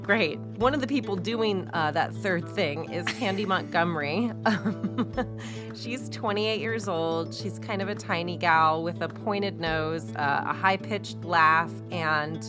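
Chatty woman co-hosting, low voice. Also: slow pace, music in the background. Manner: laughs often, chatty and tangent-prone. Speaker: podcast co-host. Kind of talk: casual true-crime chat.

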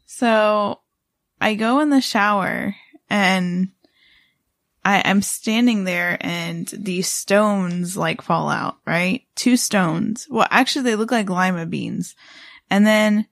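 A woman's voice: mid-range voice, slow pace, creaky, no room sound. A woman co-hosting a podcast, telling a story in a rambling, casual way with lots of fillers and restarts. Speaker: podcast co-host.

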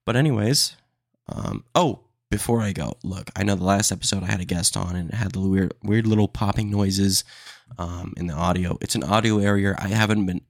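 Man, podcast host, gravelly, low voice, dry close sound, animated casual rant. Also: moderate pace, no room sound. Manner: animated ranting, calls listeners "dude" and "man".

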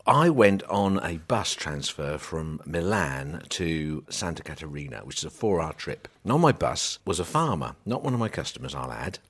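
Man, from England, very low voice, casual radio host, chatty anecdotes. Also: sing-song, normal speed, few pauses, breathy edge. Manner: chatty, self-mocking anecdotes. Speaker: grain trader and host.

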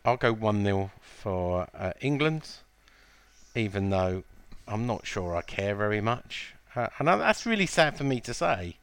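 A man's voice: on the low side, very animated, measured pace, smooth, no room sound. A man hosting a casual football podcast, teasing his co-host and moving the segments along.

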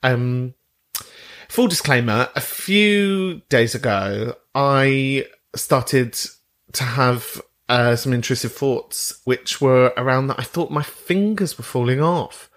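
A man's voice: mid-range voice, slow pace, a bit bright. Candid man hosting a podcast. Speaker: podcast host. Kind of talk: casual chat.

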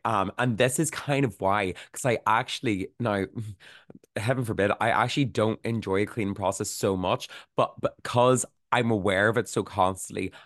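A man's voice: fairly low pitch, fairly bright tone, no echo, clean studio sound. Loose, laughing male podcast co-host. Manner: laughing, loose, filler-heavy storytelling. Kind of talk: casual podcast chat.

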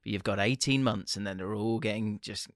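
A man's voice: lowish voice, brisk, no room sound, studio quality. A man co-hosting a podcast, chatting casually and joking with frequent laughter. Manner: jokey, chatty, laughs a lot. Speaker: podcast co-host. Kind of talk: casual chat.

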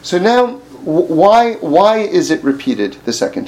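A man giving an informal Torah class, animated and often laughing, repeating words as he thinks. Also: high voice, measured pace, rough recording. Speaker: Torah teacher.

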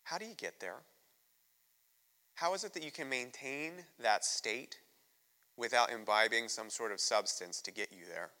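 A man's voice: medium pitch, expressive, unhurried, pauses often, sharp tone. A man from the United States preaching a candid, emotional sermon as a visiting missionary in a church sanctuary. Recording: long reverb of a church hall.

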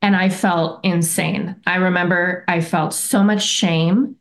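A woman speaks as a guest in a conversational interview, with a voice sitting a little low for a woman. She tells a personal story in a reflective, earnest way and often goes back to rephrase herself. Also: fairly even intonation, takes it slowly. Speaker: podcast guest.

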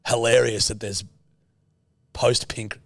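A man's voice: medium pitch, little pitch movement, slow, creaky, no echo. A man with an Australian accent, a podcast co-host telling a story in casual, sweary chat.

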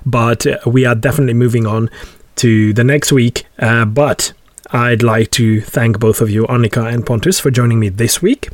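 A man's voice: mid-range voice, fairly even intonation, moderate pace, no room sound. A man hosting a casual podcast, amused and easygoing, wrapping up the show. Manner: amused, easygoing, laughs often. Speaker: podcast host. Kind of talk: casual chat.

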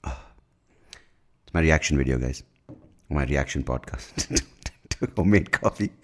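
Guy with a really low voice just rambling on his podcast, joking at himself, swearing a lot, stumbling over words. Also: expressive, measured pace. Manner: self-mocking, swears freely, trips over words. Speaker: podcast host. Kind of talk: casual rambling monologue.

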